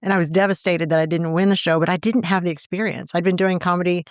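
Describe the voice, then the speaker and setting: Middle-aged woman, stand-up comic, candid and chatty, clear smooth tone, dry close sound. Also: lowish voice, fairly even intonation, no echo. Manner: chatty, candid, quick to laugh. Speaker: comedian, podcast guest. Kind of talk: casual interview chat.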